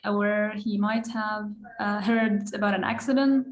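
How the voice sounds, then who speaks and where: A woman's voice: mid-range voice, steady tone, unhurried, echoey room, a little hiss or hum. A woman student on a video call, asking questions hesitantly and searching for her words.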